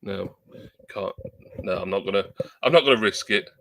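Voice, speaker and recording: A man with a low, bright and forceful voice chats on a home live stream into a desktop USB mic. He rambles, fills gaps with ums and pokes fun at himself. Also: moderate pace, gravelly. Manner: rambling, chatty, self-deprecating, many ums. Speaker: livestreamer. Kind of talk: casual live-stream chat. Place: at home at a computer. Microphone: new desktop USB microphone.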